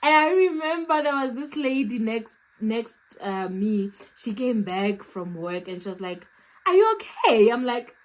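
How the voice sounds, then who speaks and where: A young South African woman with a South African accent, telling a storytime vlog with animated, dramatic acted-out reactions. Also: on the high side, a little slow, few pauses, poor audio. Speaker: YouTuber.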